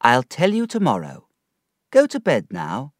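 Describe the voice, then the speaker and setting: A man's voice: mid-range voice, huge pitch swings, unhurried, no echo, studio quality, pitched above the performer's own voice. A man doing a stern old aunt. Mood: brisk. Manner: sharp, commanding. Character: brusque elderly aunt, stern but kind underneath.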